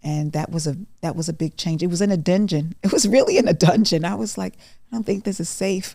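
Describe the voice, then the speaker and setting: Middle-aged woman host, earnest motivational talker, warm low voice, dry close sound. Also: vocal fry, no echo. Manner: earnest, repeats phrases for emphasis. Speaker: podcast host. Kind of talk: motivational monologue.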